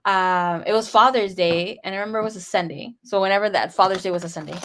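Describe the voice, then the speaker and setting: A woman's voice: medium pitch, quick pace, a little hiss or hum. A young woman tarot reader talks straight to her viewers in a loose, chatty way. She is candid and dramatic, and she swears often as she tells her story. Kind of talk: casual personal storytelling.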